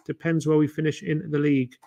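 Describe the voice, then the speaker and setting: Bloke hosting a fan stream, slightly high voice, mumbling through quiz guesses out loud. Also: male voice, little pitch movement, fast talker, gravelly. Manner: thinks aloud, muttering guesses to himself. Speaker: fan channel host. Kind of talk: casual livestream chat while playing a quiz.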